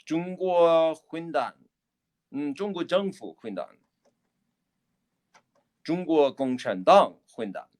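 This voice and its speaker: A man's voice: fairly high pitch, animated, takes it slowly, pauses often, darkish tone. Laughing, chatty man on a livestream. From Philadelphia. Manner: laughs a lot, repeats himself. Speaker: livestream host. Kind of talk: casual livestream talk answering chat.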